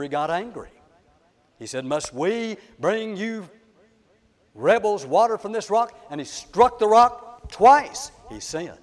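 A man preaching a sermon, emphatic and swinging between loud declarations and soft asides. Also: on the high side. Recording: long hall reverb.

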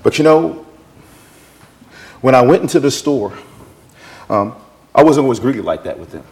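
A man preaching a sermon, jumping between shouted scripture and quiet, folksy asides as he tells stories. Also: medium pitch, normal speed. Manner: animated, swinging from shouted scripture to near-whispered asides; folksy, conversational storytelling.

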